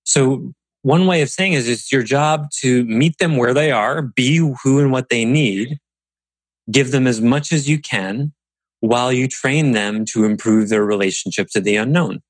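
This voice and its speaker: Animated man telling stories on a podcast. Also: mid-range voice, a little slow, no room sound, poor audio. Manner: animated storyteller, acts out quotes. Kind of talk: casual conversational podcast talk.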